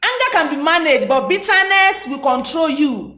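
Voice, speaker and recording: A woman's voice: extremely high pitch, animated, moderate pace, bright, forceful tone. A woman giving a motivational talk, speaking emphatically and repeating her key points. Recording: roomy echo.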